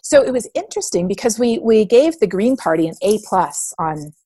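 Speaking at a normal speed in a medium-pitched voice, a woman from Canada tells lively stories as a guest in a casual interview, acting out others' words. The recording is dry.

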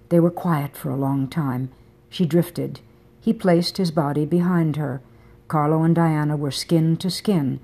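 Audiobook narrator, woman, low husky mellow voice, soft intimate delivery. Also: steady tone, unhurried. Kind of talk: scripted narration of a romance novel.

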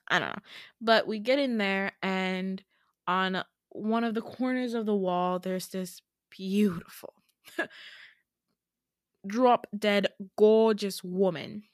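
A woman's voice: mid-range voice, dry recording. Giggly young woman, dry close podcast mic. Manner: giggly, chatty, lots of fillers. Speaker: podcast host. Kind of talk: casual storytelling.

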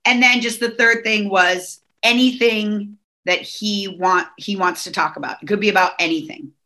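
A woman's voice: medium pitch, normal speed, bright, forceful tone. A middle-aged woman from Southern California, a guest on a podcast, talking in a chatty way full of fillers and restarts. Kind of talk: casual podcast chat.

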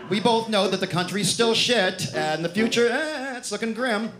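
Backed by live instrumental music, this man performs rhythmic spoken-word comedy at a club, sounding wry, reassuring and sing-song. He pitches his voice high and expressively, moving a little slowly and rarely pausing.

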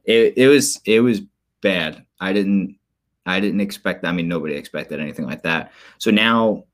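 A man co-hosting a podcast, chatting casually about sports with animated storytelling and quick asides. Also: low voice. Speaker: podcast co-host.

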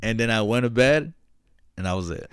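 Lively young-sounding profane guy. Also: fairly low pitch, fairly quick, clear, resonant tone, no echo, clean studio sound. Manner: profane, laughs along, short reactions. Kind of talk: casual chat.

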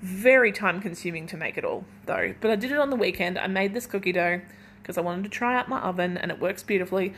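A woman's voice: medium pitch, quick pace, a bit bright, slight background noise. A young woman hosting a casual solo podcast from her kitchen at home, chatting in a rambling way full of "like". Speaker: podcast host.

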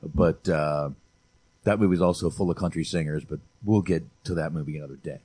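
Casting: low-voiced male podcast host, profane, joking, dry close mic. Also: brisk, dark tone, slightly rough, no echo. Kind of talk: casual movie review chat.

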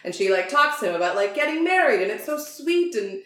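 A woman's voice: fairly high pitch, big pitch swings, fairly quick, crowd noise. Gushing, chatty podcast woman in a roomy space. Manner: chatty, gushing, swears freely, many fillers. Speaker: podcast co-host. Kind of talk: casual chat. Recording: roomy echo.

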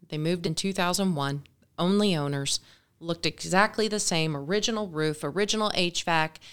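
A woman in her forties, a podcast guest, telling a story casually and briskly and acting out dialogue. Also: lowish voice, smooth. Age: 40s. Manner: brisk, animated, acts out dialogue.

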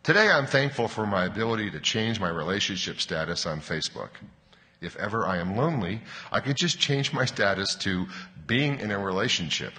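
A man preaching a sermon. He tells wry jokes, then reads scripture slowly like a bedtime story. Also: fairly low pitch, sing-song, pushed and bright. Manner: wry joking, then slow storybook reading. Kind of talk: sermon with humorous readings. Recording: reverberant hall.

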